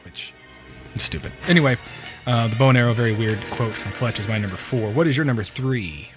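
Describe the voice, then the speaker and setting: A man's voice: mid-range voice, fairly quick, music in the background. A man co-hosting a podcast, chatting casually about movies in a rambling way. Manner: rambling, with many fillers and restarts. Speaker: podcast co-host.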